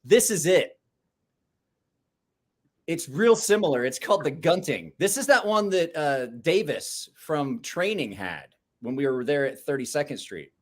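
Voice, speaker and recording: A man's voice: a little high, very animated, measured pace. A man chatting casually as co-host, rambling and swearing as he tells stories. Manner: rambling, swearing, laughs often. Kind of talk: casual banter.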